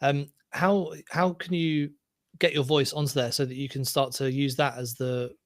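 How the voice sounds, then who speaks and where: A man's voice: mid-range voice, flat delivery, normal speed. A man interviewing a guest, asking casual questions and rephrasing as he goes.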